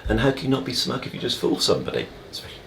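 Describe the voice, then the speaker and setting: A man's voice: medium pitch, sing-song, rapid-fire, gravelly, fairly bright tone, slight background noise. A man, a magician guest in an interview who makes his points through analogies and keeps checking "all right?" with the listener, speaking in a dressing room. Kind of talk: conversational interview.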